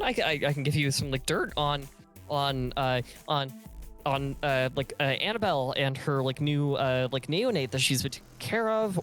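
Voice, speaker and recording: A man's voice: mid-range voice, a bit bright, pitched above the performer's own voice, close to an everyday voice. A man voicing a cowardly male vampire sire who stammers, bargains and pleads in a raised, panicky voice.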